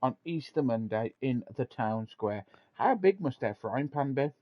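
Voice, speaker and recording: A man's voice: medium pitch, animated, unhurried, no echo, lo-fi sound. A man hosting a casual podcast, laughing often and reading aloud from a web page, with some swearing. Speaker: podcast host. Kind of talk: casual chat.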